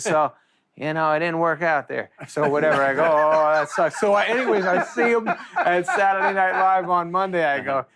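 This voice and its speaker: A man's voice: fairly high pitch, moderate pace, a loud crowd. A man casually telling a funny anecdote, laughing as he goes and acting out what people said. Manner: animated, laughs through the story, acts out quotes. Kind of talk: casual storytelling.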